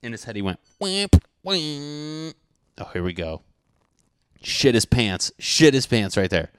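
A young man reacting to a dating show clip in crude, excitable commentary, often swearing and acting out what people are thinking. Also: lowish voice, moderate pace, noisy background. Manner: excitable, swearing, mock-narrating others' thoughts.

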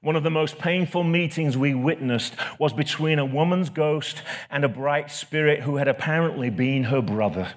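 A man's voice: on the high side, normal speed, hardly any pauses. A man, a pastor, preaching a sermon in a conversational way, building to rising emphasis.

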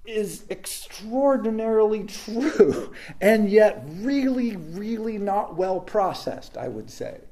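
Animated high-voiced man, mellow tone. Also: slow pace, hardly any pauses. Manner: animated storytelling, acts out quotes. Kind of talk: casual reflective talk.

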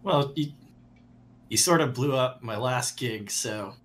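A man's voice: medium pitch, slow pace, fairly bright tone, slight background noise. A man playing in a tabletop game, talking casually and joking. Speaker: player. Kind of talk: casual chat.

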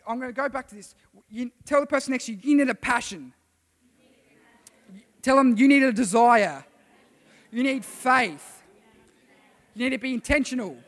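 A man preaching to a youth group in a casual, energetic way and calling on listeners to respond. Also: very high-pitched. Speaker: youth pastor. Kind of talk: sermon. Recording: reverberant hall.

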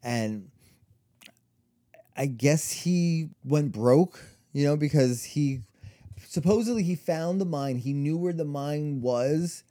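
A man's voice: a little high, takes it slowly, mellow. A man co-hosting a podcast, telling a story in casual chat, rambling with lots of fillers and restarts. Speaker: podcast co-host.

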